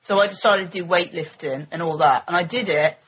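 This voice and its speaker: A woman's voice: on the low side, brisk, a bit bright. A woman, co-hosting a podcast in a chatty, informal way. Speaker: podcast co-host. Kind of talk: casual chat. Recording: dull lo-fi with faint hiss.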